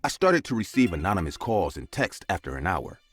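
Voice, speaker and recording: A man's voice: very animated, a little fast. A man narrating a scary story in a dramatic scripted style. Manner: dramatic, with big swings of pitch.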